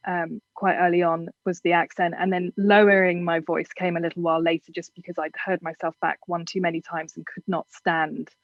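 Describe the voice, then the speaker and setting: A woman's voice: lowish voice, flat delivery, fairly quick, hardly any pauses, no room sound, lo-fi sound. A woman from England with a generic southern English accent, giving frank, chatty advice as an interview guest. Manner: frank, chatty, self-deprecating.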